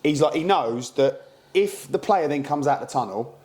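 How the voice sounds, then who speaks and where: A British man on a podcast, a co-host and football manager, telling animated stories and acting out quoted exchanges in casual chat. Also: on the high side, normal speed. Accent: British English.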